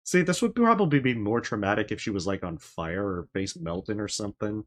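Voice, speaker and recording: A man's voice: lowish voice, lively intonation, a little fast, hardly any pauses. Wry man joking over a game. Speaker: game streamer. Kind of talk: let's play commentary. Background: game music.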